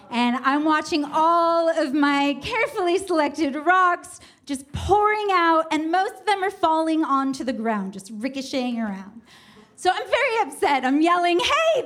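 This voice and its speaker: A woman telling a first-person comic story in a wry, self-mocking way, building up the tension as she goes. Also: high-pitched.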